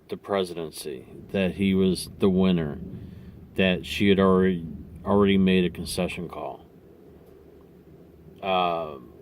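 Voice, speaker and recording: Brief: man with a lowish voice, relaxed rambling talk to camera, sharing his views. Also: a little hiss or hum. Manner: conversational, rambling with restarts and asides. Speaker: vlogger. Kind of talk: casual opinion monologue.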